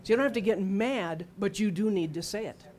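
A woman's voice: medium pitch, brisk, darkish tone. Middle-aged woman preacher, chatty sermon delivery, mid-range voice, playful acted-out quotes. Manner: conversational, humorous storytelling with acted-out quotes.

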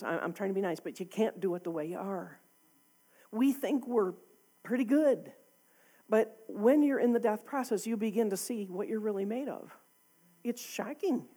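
A woman's voice: mid-range voice, dark tone, husky. A woman preaching a sermon to a congregation in a church, talking candidly and conversationally, often with a laugh.

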